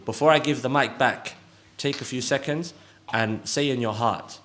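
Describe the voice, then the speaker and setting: A man's voice: mid-range voice, a little fast, a bit bright, a little hiss or hum. A man from the audience earnestly urging listeners in a religious appeal, repeating his requests. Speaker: audience speaker. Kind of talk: religious exhortation.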